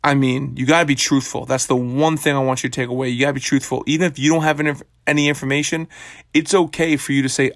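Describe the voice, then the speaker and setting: A man's voice: mid-range voice, flat delivery, quick pace, dry recording, clean studio sound. A young man hosting his own podcast, talking casually and bluntly in a rambling motivational monologue that is full of swearing. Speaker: podcast host.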